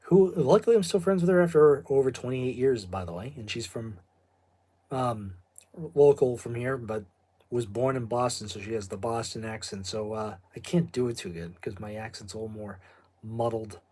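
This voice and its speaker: This middle-aged man, a video host from New England, has a warm, slightly rough voice at medium pitch and a moderate pace. His casual chat wanders off on tangents, full of asides and laughter.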